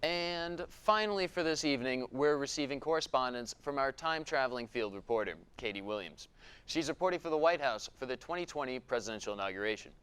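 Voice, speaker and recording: A man playing a deadpan news anchor who reads out absurd stories from the future. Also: mid-range voice, brisk, clear, resonant tone, close to an everyday voice. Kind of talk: mock newscast.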